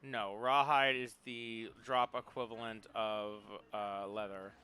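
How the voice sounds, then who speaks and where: A man's voice: lowish voice, level tone, takes it slowly, bright, forceful tone, clear, resonant tone. A man on a headset, talking easygoingly and offhand while sharing out loot in an online game. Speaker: player handing out loot. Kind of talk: casual voice chat while gaming.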